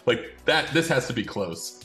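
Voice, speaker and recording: A man's voice: medium pitch, animated, moderate pace, a bit bright, faint music behind. A man in his thirties chatting casually as podcast co-host, rambling and restarting his sentences. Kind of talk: casual chat.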